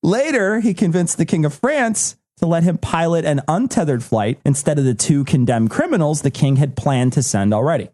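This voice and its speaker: A man's voice: a little high, animated, normal speed, hardly any pauses, darkish tone. A man hosting a comedy podcast, reading out facts in a wry, matter-of-fact way with joking asides. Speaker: podcast host reading the list.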